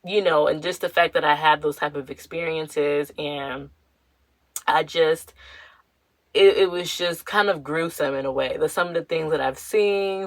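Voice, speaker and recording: A woman's voice: low-pitched, pushed and bright, dry recording, rough recording. A young woman hosting her own podcast, talking candidly and rambling, with lots of fillers and slang. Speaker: podcast host. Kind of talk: casual personal podcast talk.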